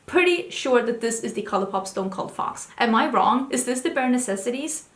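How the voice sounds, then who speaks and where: A young adult woman talks to camera in a fairly high voice, chatty and excitable, asking herself question after question as she thinks aloud. Her voice rings in a roomy, echoey space. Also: moderate pace. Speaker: beauty vlogger. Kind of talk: casual chat, thinking aloud. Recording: roomy echo.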